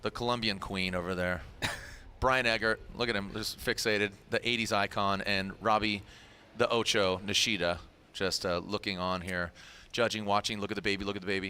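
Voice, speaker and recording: A man calling live motorsport as play-by-play commentator, excitable and jokey, with slangy banter. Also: lowish voice, normal speed, a little hiss or hum.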